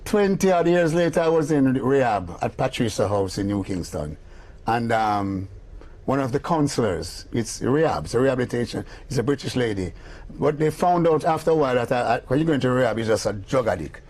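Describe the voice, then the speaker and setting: A man's voice: medium pitch, brisk. An older man with a Jamaican accent, a music producer telling stories in an interview, slipping into patois and acting out the people he quotes. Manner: animated storyteller who slips into patois and acts out the people he quotes. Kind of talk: storytelling in a casual interview.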